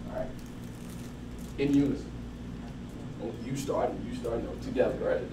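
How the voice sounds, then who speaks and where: A man giving a lively motivational talk to a live audience, telling stories and laughing as he goes. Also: medium pitch, moderate pace, background noise. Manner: animated, laughing storyteller. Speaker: motivational speaker. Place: event hall with audience. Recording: roomy, distant mic with crowd.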